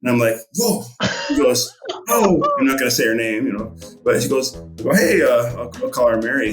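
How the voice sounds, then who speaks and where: A man's voice: medium pitch, brisk, echoey room, faint music behind. A middle-aged man and fishing guide, telling a story casually in a rambling way with many fillers. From Montana.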